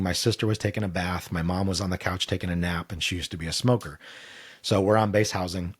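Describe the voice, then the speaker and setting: A man's voice: low voice, slightly rough. A middle-aged man, a podcast guest, candidly telling a personal story in an interview and acting out the voices he quotes.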